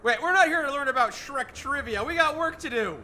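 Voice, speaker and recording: A man co-hosting a gaming video, chatting casually with animated, playful teasing. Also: extremely high pitch, a little fast, a little hiss or hum. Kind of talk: casual chat while gaming.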